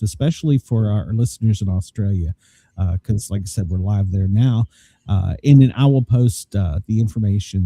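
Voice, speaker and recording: A man's voice: lowish voice, dark tone, husky, no echo. A man hosting a casual podcast, rambling with many fillers. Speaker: podcast host.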